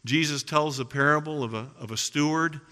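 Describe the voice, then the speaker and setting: A middle-aged male pastor preaching with a sharp, very bright voice. He presses his points with rhetorical questions and swings from ringing emphasis to near-hushed passages. His sermon rings out with the long reverb of a large sanctuary. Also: on the high side, brisk.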